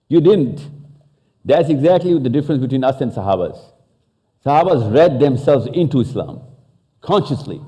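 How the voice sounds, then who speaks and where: A man from Pakistan talking to a live audience from a stage, quick and interactive, slipping between English and Urdu. His voice is dark and mellow, picked up by a stage microphone in a large hall. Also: mid-range voice, animated. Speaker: speaker at a live talk. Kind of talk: lively live talk with audience questions.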